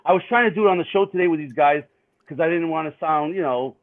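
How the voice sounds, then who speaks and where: A man's voice: a little high, fast talker, phone-quality sound. A man with a thick Boston accent, a guest telling laughing, self-mocking stories in casual chat. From Boston area.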